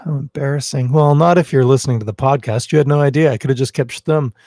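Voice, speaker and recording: Guy rambling on his home podcast, jokey, mid pitch, dry close sound. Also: quick pace, darkish tone, no room sound. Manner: rambling, self-mocking, jokey asides. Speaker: podcast host. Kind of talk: casual livestream podcast chat. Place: at home, in a bathrobe. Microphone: headphones with a cable, phone camera.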